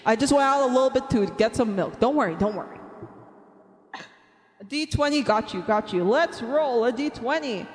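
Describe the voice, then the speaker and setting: A young woman who streams her art chats cheerfully and casually with viewers, giggling often and counting out loud while she draws. Her voice sits on the high side, animated and at a moderate pace. The recording has long reverb and faint music in the background.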